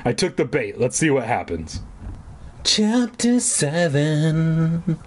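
A man's voice: medium pitch, sing-song, normal speed, slightly rough. A man reading a children's horror book aloud and breaking off for sarcastic, irreverent asides. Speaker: reader and commentator.

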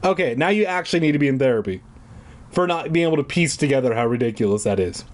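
A young man reads a children's book aloud and keeps breaking off for sarcastic jokes. His pitch swings widely, and he rattles through the asides at a quick clip. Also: expressive. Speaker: reader and commentator. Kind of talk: comic reading of a children's book with commentary.

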